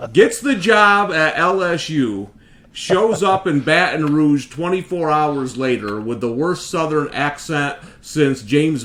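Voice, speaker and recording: A man hosting a sports podcast, upbeat and quick to laugh. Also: on the high side. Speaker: podcast host. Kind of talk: casual podcast chat. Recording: echoey room with faint noise.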